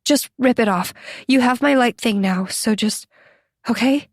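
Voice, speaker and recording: A woman's voice: a little high, a little slow, no room sound, clean studio sound, pitched above the performer's own voice. A woman narrator voicing a frightened, hurt teenage girl who is crying, speaking in broken, breathless pleas. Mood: tearful.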